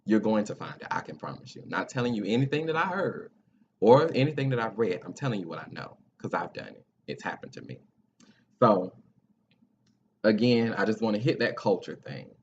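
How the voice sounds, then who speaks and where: A man's voice: fairly low pitch, very animated, a little fast. A man hosting a talk show, speaking in an earnest, encouraging, almost preacherly way with casual grammar. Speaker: podcast host. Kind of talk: heartfelt talk show monologue. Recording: dull lo-fi sound with faint noise.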